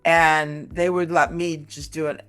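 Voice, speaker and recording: Woman in her sixties, comedian guest, animated, lots of restarts, faint music behind. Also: deep voice, clear, resonant tone. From Michigan, USA. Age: 60s. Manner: animated, quick asides, many restarts. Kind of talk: casual interview chat.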